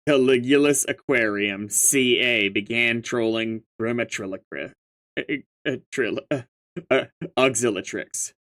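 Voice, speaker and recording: Guy reading a webcomic out loud, chatty, reacts a lot, mid-pitch voice. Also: a little slow. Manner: chatty, reacts aloud, stumbles on names. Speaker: reader. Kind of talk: casual read-aloud of a webcomic.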